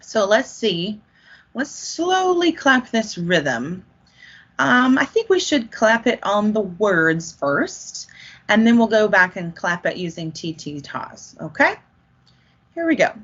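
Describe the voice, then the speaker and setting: Woman, music teacher, online lesson for kids, slow and patient, encouraging, dull lo-fi sound. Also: mid-range voice, big pitch swings, a bit bright, husky. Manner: slow, patient, encouraging teacher talk with clapped rhythm syllables.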